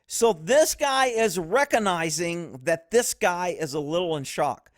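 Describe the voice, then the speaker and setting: A man's voice: high voice, animated, a little slow. A man giving blunt, profane casual commentary on police footage. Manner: blunt, profane, laughs easily.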